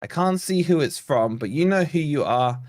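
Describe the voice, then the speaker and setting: A man from England, voice on the high side, runs a live football fan stream at a moderate pace. He's chatty and excitable, reading out what viewers type as they watch along. The clean studio audio carries no room sound.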